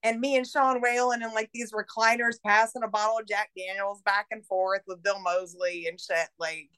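A woman's voice: mid-range voice, fairly even intonation, moderate pace, fairly bright tone, smooth. A woman guest on a podcast, talking casually and rambling, swearing a lot and saying "like" constantly. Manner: profane, rambling, heavy use of "like". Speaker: podcast guest, independent filmmaker.

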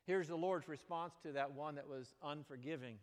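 A male pastor preaching a sermon, animated, moving between loud exclamations and quiet, earnest passages. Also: fairly high pitch, moderate pace. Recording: long reverb of a large hall.

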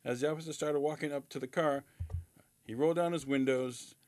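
A man's voice: on the high side, brisk. A man co-hosting a podcast, telling jokey stories in casual chat. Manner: jokey storyteller, lively delivery. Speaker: podcast co-host.

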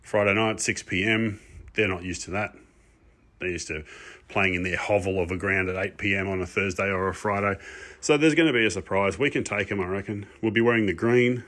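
A fed-up fan lord, pompous and exasperated, ranting and swearing, as a man puts him on. His voice sits a little low. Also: brisk, a bit bright, lightly acted. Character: frustrated pompous fan persona, grown man. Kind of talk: pre-recorded comic rant segment.

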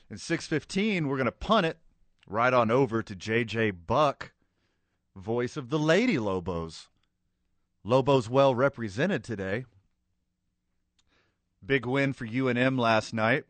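A man's voice: mid-range voice, dry recording. Male radio host, upbeat banter, dry close mic, studio sound. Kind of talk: sports radio talk. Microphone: studio microphone.

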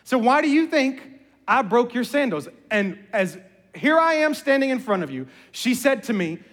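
A middle-aged man preaching a sermon, telling animated personal stories with humor. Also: extremely high pitch, moderate pace. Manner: animated storyteller, jokes and voices family members. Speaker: pastor. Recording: reverberant hall.

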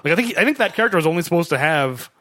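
A man's voice: a little high, very fast, no echo. A man co-hosting a podcast, chatting casually about a film and acting out quotes. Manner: relaxed, chatty, acts out quotes. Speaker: podcast co-host.

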